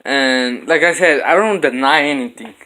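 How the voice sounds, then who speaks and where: A man's voice: medium pitch, normal speed, sharp tone. A young man vlogging from his home kitchen, telling a fight story casually and acting out the punches with sound effects.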